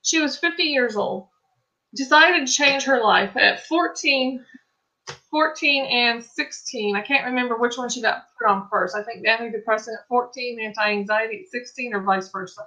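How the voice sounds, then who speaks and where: A woman's voice: on the high side, moderate pace, pushed and bright, lo-fi sound. A middle-aged woman giving an earnest faith testimony, telling a friend's story with many restarts and quoted lines. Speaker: Christian ministry speaker. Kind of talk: testimony-style faith talk.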